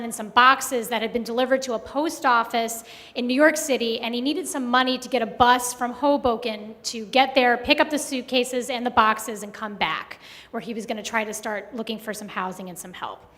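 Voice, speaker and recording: Woman telling a story onstage, kinda high voice, lots of ums, big reverby hall. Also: a bit bright. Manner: conversational, many fillers and pauses. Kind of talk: live personal storytelling. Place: live event hall.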